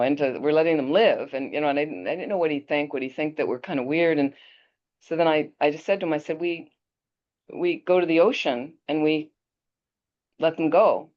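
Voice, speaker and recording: A woman Buddhist teacher giving a teaching talk, telling a personal story in an animated, chatty way. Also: deep voice. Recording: dull lo-fi audio.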